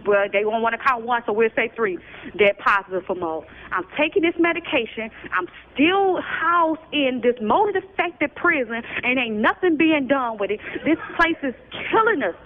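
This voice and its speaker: A woman's voice: sits high, expressive, normal speed. A woman in prison calling in by phone, giving an urgent, agitated commentary with lots of repetition. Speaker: incarcerated person calling in. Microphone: prison telephone. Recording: tinny phone line.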